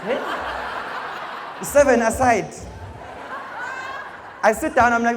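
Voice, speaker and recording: A young South African man doing live stand-up comedy, animated and full of impressions and sound effects. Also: very high voice, slow. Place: stage in a large venue. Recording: echoey hall with audience noise.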